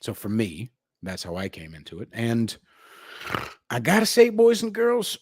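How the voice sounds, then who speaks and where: A man's voice: huge pitch swings, a little slow, breathy edge. Profane, swaggering young man ranting. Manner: jumps between shouting and low asides. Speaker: livestream host. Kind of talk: unscripted livestream rant.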